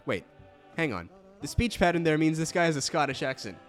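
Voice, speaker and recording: A man's voice: fairly high pitch, big pitch swings, a little fast, soft background music. Chatty male game streamer. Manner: chatty, self-deprecating, reads game text aloud. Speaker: let's play host. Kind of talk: casual gameplay commentary.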